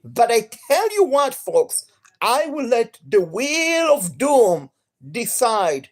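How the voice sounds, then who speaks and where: A woman with an accent, an energetic and enthusiastic gaming streamer chatting live to viewers. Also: on the high side, takes it slowly. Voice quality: non-native accent.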